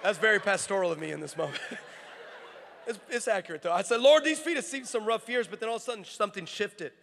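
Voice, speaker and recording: A male pastor preaching a sermon, telling a story and building to shouted, emphatic preaching. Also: high-pitched, lively intonation, fast, creaky. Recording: long hall reverb.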